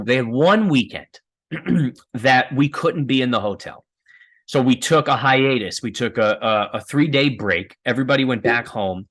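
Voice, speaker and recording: Telling stories as a guest, a male filmmaker rambles casually, using many fillers, restarting sentences, and laughing often. His voice sits at medium pitch and sounds a bit bright.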